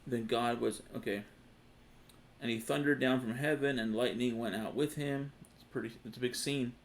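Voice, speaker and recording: A man of middle pitch reading verses aloud in a relaxed conversation. He turns easily from the reading to plain, agreeable comments. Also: normal speed. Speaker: podcast co-host. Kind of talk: casual chat, reading scripture aloud.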